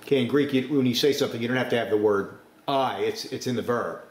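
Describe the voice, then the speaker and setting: Forceful male preacher in an echoey room. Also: mid-range voice, quick pace. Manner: forceful preaching, sudden rises to emphasis. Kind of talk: sermon.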